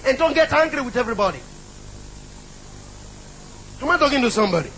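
A man's voice: extremely high pitch, very animated, moderate pace, long pauses, crowd noise, poor audio. A middle-aged man preaching a sermon, emphatic and repetitive, calling out to the congregation.

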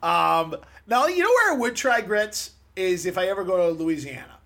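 His voice sits high and gravelly, moving at a moderate pace, as he co-hosts a casual chat on music history. With neck and shoulder pain, he still stays animated, laughing often and rambling through asides.

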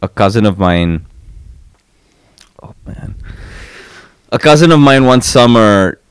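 Low, lively self-mocking man. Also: slow pace, clear, resonant tone, dry recording. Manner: self-mocking, swears often, laughs a lot. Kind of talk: casual chat.

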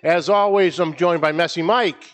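A man's voice: on the high side, normal speed, a bit bright, soft background music. Upbeat New England podcast host, a man. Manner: upbeat, playful, laughs often. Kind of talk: casual podcast chat. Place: podcast studio.

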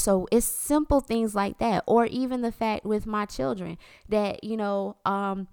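A woman's voice: mid-range voice, clear, resonant tone, no echo. Candid woman on a faith podcast. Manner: candid, conversational, acts out her inner voices. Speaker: podcast host. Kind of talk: faith-based podcast talk.

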